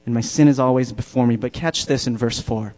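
A man preaching a sermon to a congregation in a church, emphatic and slowing down to stress key words. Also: medium pitch, fairly even intonation, darkish tone. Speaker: pastor. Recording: dull lo-fi sound.

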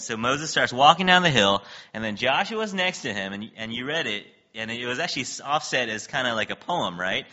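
A male pastor gives an animated sermon, and his pitch swings widely as he talks. His voice is strongly sharp and forceful, and he often checks in with the listeners. The recording sounds somewhat dull and lo-fi. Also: moderate pace. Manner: animated, laughs often, keeps asking "right?".

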